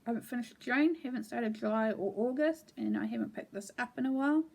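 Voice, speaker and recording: A woman sits at home chatting through her needlework projects. Her voice sits a little high, and her talk wanders easily, full of small hesitations. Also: quick pace, creaky. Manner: relaxed, meandering, with frequent ums. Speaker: cross-stitch vlogger. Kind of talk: casual show-and-tell chat.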